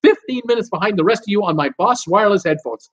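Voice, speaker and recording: A man's voice: high voice, expressive, fast talker, a bit bright, poor audio. A man hosts a live cruise Q and A stream, chatting casually and reading out viewer names and comments with many "uh" fillers.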